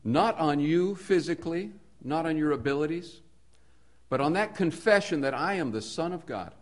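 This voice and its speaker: A man preaching a sermon in an earnest voice, building his points through repetition and moving between soft, low passages and emphatic ones. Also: animated, normal speed.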